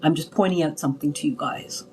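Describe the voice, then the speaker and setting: A woman talking casually to a live stream as a spiritual healer, rambling and confiding with many restarts, breaking into loud cries when she acts out others. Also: low voice, fast. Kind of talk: casual livestream talk. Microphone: phone.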